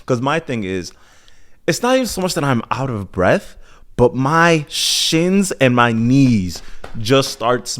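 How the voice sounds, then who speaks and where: A man's voice: medium pitch, a bit bright. A man in his twenties with an American accent, hosting a podcast and rambling casually about running and daily habits, loose and chatty with sighs and self-corrections. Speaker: podcast host.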